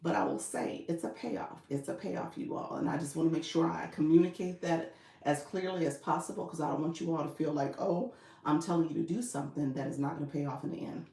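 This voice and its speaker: A woman's voice: sits low, fairly quick, dark tone. A woman coaching viewers on a live stream, chatting casually, laughing often and reading their comments aloud. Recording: echoey room.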